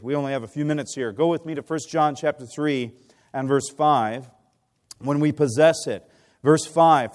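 A man delivers a sermon in a voice that sits a little high for a man. He moves between soft, drawn-out appeals and loud storytelling, often stopping to put questions to his listeners. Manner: impassioned, swings from hushed to loud, asks the congregation questions. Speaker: preacher.

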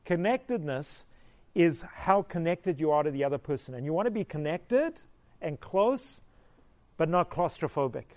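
Animated storytelling male pastor. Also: on the high side, normal speed. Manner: conversational, animated storytelling with direct questions to listeners. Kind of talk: sermon.

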